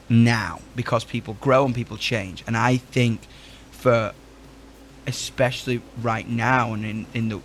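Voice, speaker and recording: A man's voice: medium pitch, a little hiss or hum. A man hosting a podcast interview, speaking thoughtfully and earnestly with small restarts. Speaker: podcast host. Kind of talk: conversational interview.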